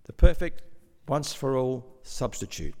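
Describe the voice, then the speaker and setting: A man preaching a sermon in a measured, explanatory way, with some stammering restarts. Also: mid-range voice, animated, darkish tone. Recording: long hall reverb.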